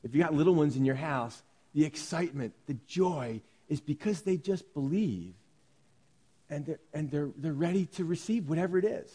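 A man preaching a sermon, moving between lively storytelling and calm Bible teaching to a congregation. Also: a little high, moderate pace, breathy edge. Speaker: pastor. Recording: long hall reverb.

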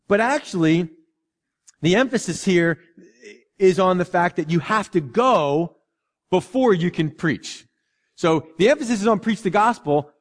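Animated pastor preaching in a reverberant church. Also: male voice, high-pitched. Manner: animated, conversational, repeats himself. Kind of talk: sermon.

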